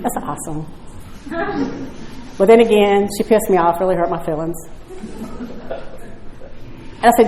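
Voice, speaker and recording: A woman's voice: fairly low pitch, moderate pace, long pauses, warm tone, a little hiss or hum. Blunt woman sharing at a meeting, echoey. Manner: blunt, conversational, with frequent rhetorical "right?". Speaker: speaker at a recovery meeting. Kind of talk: personal story told to a meeting. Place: meeting room. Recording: echoey room.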